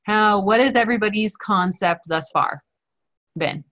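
Over muffled video-call audio, a woman instructor leads a live online cooking class in a playful, chatty, joking way. Her voice is mid-range and fairly bright, and she speaks unhurriedly.

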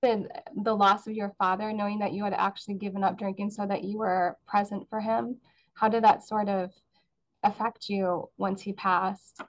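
A woman hosting an interview, asking questions in a gentle, measured way. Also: medium pitch, little pitch movement, rough recording. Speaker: interview host.

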